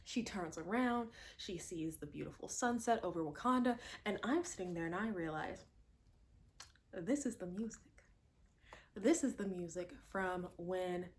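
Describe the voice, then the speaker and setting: A woman vlogger giving a casual, emphatic movie reaction, repeating lines for effect and dropping to hushed asides. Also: lowish voice, unhurried.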